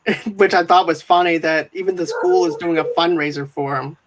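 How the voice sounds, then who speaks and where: A man's voice: fairly high pitch, fairly even intonation, brisk, background noise. Male podcast host, rambling scene-by-scene recaps, casual review chat. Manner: rambling, retells scenes with filler phrases.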